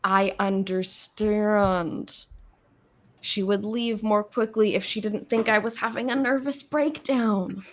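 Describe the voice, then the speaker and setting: A woman playing a young goth reaper who is cold, aloof and sarcastic, speaking flatly and with exasperation. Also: medium pitch, slow, close to an everyday voice. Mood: exasperated.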